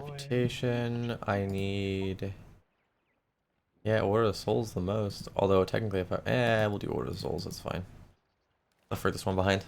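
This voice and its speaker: A man's voice: lowish voice, steady tone, normal speed, vocal fry, pauses often, slight background noise. A male streamer chatting casually while gaming, rambling and swearing casually, with the hiccups. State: has the hiccups.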